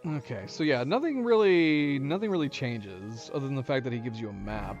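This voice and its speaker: A man's voice: mid-range voice, expressive, brisk, darkish tone. Let's-play host: casual, musing man, slightly dull mic, faint game music behind. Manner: chatty, musing, chuckles often. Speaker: gaming channel host.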